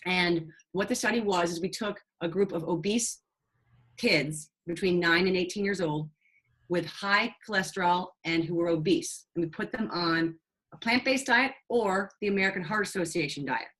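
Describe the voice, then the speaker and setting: A middle-aged woman nurse, a guest, telling a story in an animated, chatty way. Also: on the low side, normal speed, husky, low-quality recording. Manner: animated, chatty, with fillers and restarts. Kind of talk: casual storytelling in a conversation.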